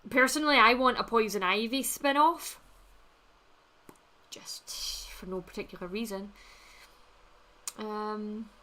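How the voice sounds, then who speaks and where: A young woman talks casually to her livestream viewers. Her voice is bright and forward, and she is blunt and chatty, laughing easily and swearing freely as she replies to chat. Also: medium pitch, takes it slowly, pauses often. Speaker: livestream host reading chat.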